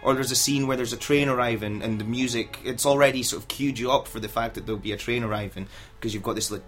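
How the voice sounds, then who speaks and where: A man's voice: medium pitch, fast talker, hardly any pauses, fairly bright tone. A man on a podcast, talking thoughtfully about a film's music in casual discussion. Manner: thoughtful, musing. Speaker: podcast panelist.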